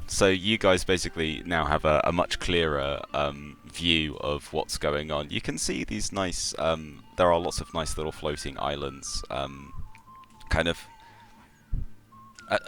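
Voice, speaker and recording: A man running a tabletop game as game master, giving halting, meandering descriptions of the scene. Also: a bass voice, fairly bright tone.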